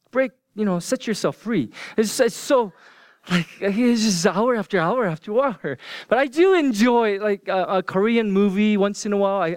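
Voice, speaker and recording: A male pastor preaching a conversational sermon, dropping to hushed, almost whispered lines for emphasis. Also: high voice, no echo.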